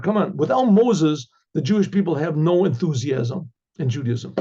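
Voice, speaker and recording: A man, a rabbi teaching an informal class, who tells stories by acting out the dialogues and keeps clearing his throat. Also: a little high, lively intonation, moderate pace, dark tone, highs cut off.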